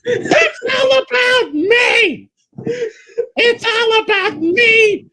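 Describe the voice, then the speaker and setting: A man putting on a shrill, whiny, self-important woman's voice in a shrieking falsetto. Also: lively intonation, very slow, bright, forceful tone, exaggerated voice, rough recording. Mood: whiny rant.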